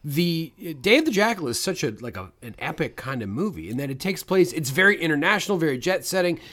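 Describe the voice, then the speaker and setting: A man from Canada who co-hosts a movie podcast. He talks in an animated way and slips into comic impressions. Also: on the high side, fast. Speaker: podcast co-host. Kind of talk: casual movie-review chat.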